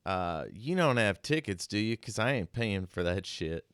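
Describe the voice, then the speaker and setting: A man with a put-on Southern US accent voicing a gruff, blunt teenage boy who loves metal, in a tabletop game. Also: fairly low pitch, animated, a bit bright, no room sound, studio quality. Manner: slow, blunt, drawling.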